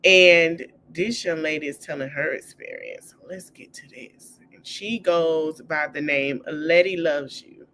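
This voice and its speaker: A woman's voice: sits low, measured pace, few pauses, a bit bright, a little hiss or hum. A woman hosting a podcast, chatting casually with her listeners before she plays a story. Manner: chatty, addresses listeners as y'all. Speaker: podcast host. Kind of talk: casual chat.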